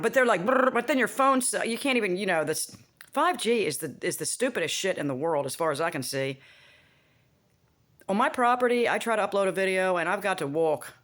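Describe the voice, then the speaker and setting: A woman's voice: lowish voice, a bit bright. A woman talking in a casual, rambling monologue, blunt and profane, often making buzzing sound effects. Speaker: vlogger.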